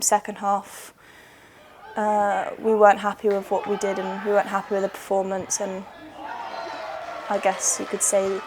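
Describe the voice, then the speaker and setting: A woman footballer giving a measured interview about her team's matches, with frequent pauses and fillers. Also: medium pitch. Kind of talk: post-match interview reflection. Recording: music bed and crowd noise behind.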